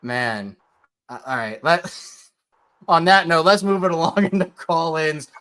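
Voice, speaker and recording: A man's voice: fairly high pitch, unhurried, fairly bright tone. Chatty man hosting fan call-ins. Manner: chatty, laughs often, repeats himself. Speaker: host of a fan call-in show. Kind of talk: casual call-in chat. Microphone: streaming setup.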